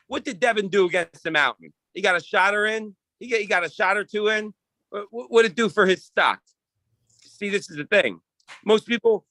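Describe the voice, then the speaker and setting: A man's voice: high voice, bright, forceful tone, no room sound. A man trading brash, profane, boastful trash talk as an arm wrestling guest on a casual chat show.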